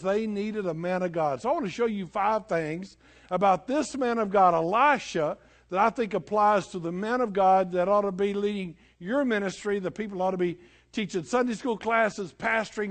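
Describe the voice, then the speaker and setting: A man preaching a sermon, retelling a Bible story in a folksy way and acting out the dialogue. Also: sits high.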